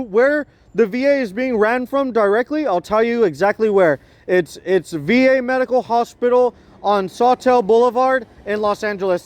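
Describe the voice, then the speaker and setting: A man vlogging in a rambling, profane rant, stumbling over his words and repeating himself. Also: high voice. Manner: repetitive, stumbling, swears heavily, ranting.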